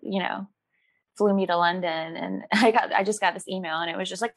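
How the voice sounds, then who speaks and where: Brief: woman guest, chatty and animated, quick laughs, dry close sound. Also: medium pitch, creaky, no room sound. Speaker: actress guest. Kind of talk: casual interview chat.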